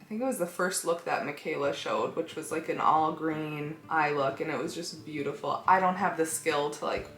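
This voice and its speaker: A woman's voice: sits low, moderate pace, hardly any pauses, a bit bright. A woman beauty vlogger talking casually through a makeup tutorial, thinking aloud as she works and often hedging with "like" and "I don't know". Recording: echoey room with faint background music.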